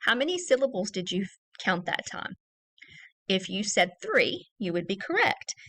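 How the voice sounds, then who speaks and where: A woman teacher giving a recorded early-grade reading lesson, saying each word slowly and clearly and repeating it for young children. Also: medium pitch, sing-song, bright, forceful tone.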